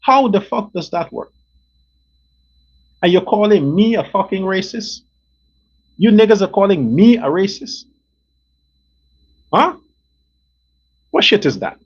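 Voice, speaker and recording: On his own show, a host from Guyana unleashes a furious, foul-mouthed political rant, driving home words through repetition. He speaks slowly with long pauses, in a high, husky, expressive voice, captured on a dull lo-fi recording.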